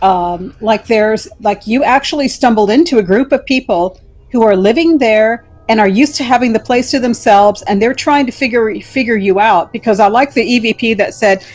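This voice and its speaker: Higher-voiced woman cohost thinking out loud, bit halting. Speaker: podcast co-host. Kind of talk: casual chat.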